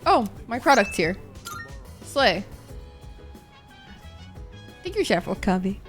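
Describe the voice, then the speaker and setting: A young woman livestreams a let's-play, ranting dramatically and swearing in exasperation at the game, with faint game music behind her. Her mid-range voice swings widely in pitch at a slow pace.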